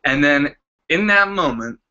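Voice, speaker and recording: Bright-voiced man telling a story. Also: on the high side, unhurried. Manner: animated, acts out quoted lines with shifting voices. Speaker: vlogger. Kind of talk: casual storytelling. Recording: slightly dull lo-fi sound.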